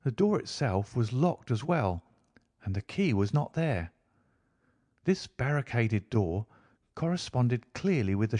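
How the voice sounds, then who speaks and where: A man reading a classic mystery story aloud in a measured, even storytelling manner. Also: mid-range voice, no echo. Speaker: audiobook narrator. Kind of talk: scripted narration of a classic story.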